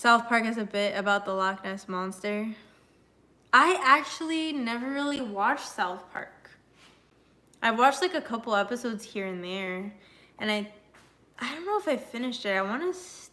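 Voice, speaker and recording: A young woman chats with her stream from home in a relaxed, loose way. Her voice sits a little high, and she laughs easily and swears without a second thought. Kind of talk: casual live-stream chat.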